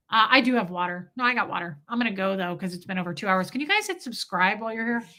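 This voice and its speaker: A woman's voice: medium pitch, expressive, fast, few pauses, bright, forceful tone. A tired woman in her forties telling a story on a live stream, rambling and swearing and reading viewer comments aloud. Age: 40s.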